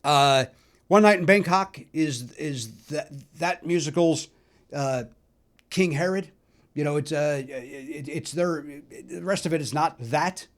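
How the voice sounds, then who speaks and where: Chatty middle-aged man, fairly high voice. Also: slow. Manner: chatty, animated storytelling with many fillers. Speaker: podcast host. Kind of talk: solo musical nostalgia talk.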